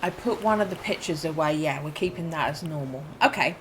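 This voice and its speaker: A woman's voice: low-pitched, a little fast, slight background noise, low-quality recording. Chatty Essex woman in her fifties. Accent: Essex English, softened by parental correction. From England, Essex. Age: 50s. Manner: chatty, thinks aloud with ums and self-corrections. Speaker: game streamer. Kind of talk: casual gameplay commentary.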